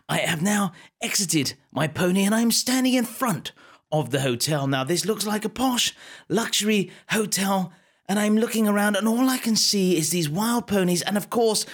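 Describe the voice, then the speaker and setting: A man's voice: sits high, husky. A man hosting a podcast, improvising a comic story as a mock-serious documentary narrator, with frequent stumbles. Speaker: podcast host.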